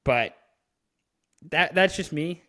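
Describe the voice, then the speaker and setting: A man's voice: fairly high pitch, takes it slowly, sharp tone. A man from Canada, a podcast co-host, chatting casually about hockey with many fillers and restarts. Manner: rambling, frequent fillers and restarts. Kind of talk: casual sports chat.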